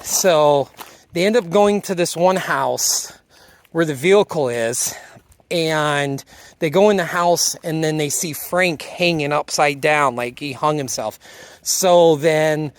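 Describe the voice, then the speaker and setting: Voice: mid-range voice, takes it slowly, dry recording. A casual speaker loosely retelling a TV episode, acting out the characters' lines and sometimes losing the thread. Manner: drifts and loses the thread. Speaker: video reviewer. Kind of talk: casual spoken episode recap.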